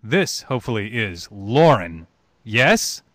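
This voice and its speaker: Taking it slowly in a medium pitch, this male voice actor chats casually with fans calling in by webcam video. He comes across as thoughtful and easygoing, peppering his speech with ums and uhs.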